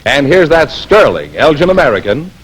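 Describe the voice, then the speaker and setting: A man announcing a comedy quiz show, reading the sponsor copy in a measured, showman's delivery. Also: a little high, very animated, very noisy. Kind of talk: formal radio announcing and ad reading. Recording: old broadcast recording with music under it.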